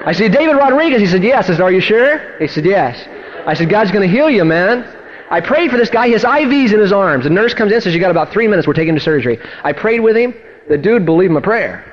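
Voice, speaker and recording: Male pastor, high and fast-talking, telling sermon stories live, acting out every voice, dull lo-fi tape. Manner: animated storyteller acting out dialogue, swinging from loud to hushed. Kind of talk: sermon testimony storytelling. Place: church service.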